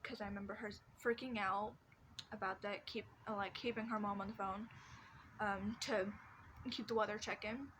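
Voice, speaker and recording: Bright-voiced young woman rambling. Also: mid-range voice, fairly even intonation, normal speed, slight background noise. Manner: rambling, with many restarts and fillers. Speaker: vlogger. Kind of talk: casual personal storytelling. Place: her bedroom.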